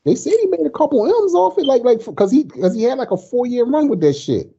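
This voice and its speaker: A man's voice: very high voice, very animated, quick pace, gravelly, dark tone, a little hiss or hum. A man co-hosting a podcast, talking in a laid-back, slangy way. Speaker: podcast co-host. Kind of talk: casual podcast chat. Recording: dull lo-fi sound.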